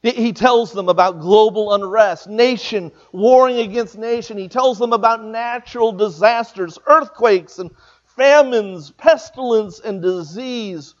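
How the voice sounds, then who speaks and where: Earnest high-voiced male preacher. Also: measured pace, muffled recording. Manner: earnest, storytelling preacher with emphatic rises. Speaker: pastor. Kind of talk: sermon.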